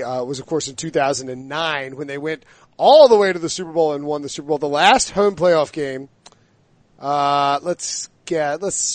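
A man's voice: fairly high pitch, no echo. Chatty man hosting sports talk. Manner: chatty, joking, lots of fillers. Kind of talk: casual sports debate.

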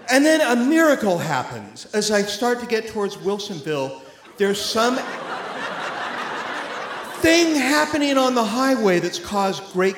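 A man telling a personal story on stage at a live event, animated and often laughing as he speaks. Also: high-pitched. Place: theater stage before an audience. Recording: roomy live hall with faint noise.

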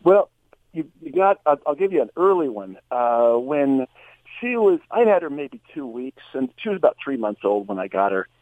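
A male psychotherapist, a guest on a show, tells a personal story with animated shifts in his voice. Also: mid-range voice, normal speed, no echo. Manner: animated storyteller, voice rises for quoted lines. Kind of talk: anecdotal storytelling. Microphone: phone. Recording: tinny phone line.

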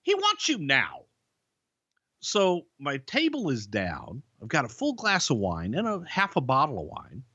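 A former wrestling writer co-hosting a podcast tells rambling, profane stories about life on the road, restarting constantly in casual storytelling. His medium-pitched voice is husky and fairly bright, swinging wildly in pitch at normal speed with hardly any pauses. The podcast audio is dull and lo-fi, without echo.

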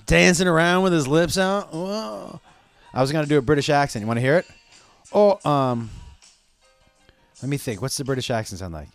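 A man's voice: on the high side, animated, a little fast, long pauses, clear, resonant tone, soft background music. A man hosting a podcast in a loose, profane, rambling comedic monologue. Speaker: podcast host.

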